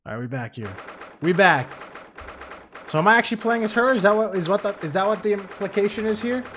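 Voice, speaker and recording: A young man doing excitable, swear-heavy let's play commentary as a streamer. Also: high voice, a little fast, a little hiss or hum. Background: faint game music.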